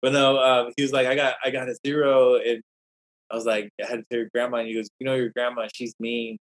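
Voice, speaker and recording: Man, podcast guest, storytelling, rambling, restarts often, mid-pitched. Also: little pitch movement, fast talker, rough recording. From Native American community. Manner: rambling, anecdotal, many restarts. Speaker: guest scholar.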